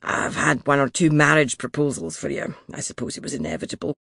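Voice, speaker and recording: A man's voice: fairly high pitch, very animated, a little fast, creaky, fairly bright tone, no echo, studio quality, heavily acted. A man voicing a coarse, mocking middle-aged king with a Scottish accent in an audiobook, teasing and half muttering to himself. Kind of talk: audiobook character voice.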